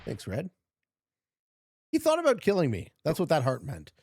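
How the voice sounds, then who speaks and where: A man streaming a strategy board game, chatting casually with viewers and swinging from low murmurs to loud shouts. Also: huge pitch swings, moderate pace, very noisy. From Canada.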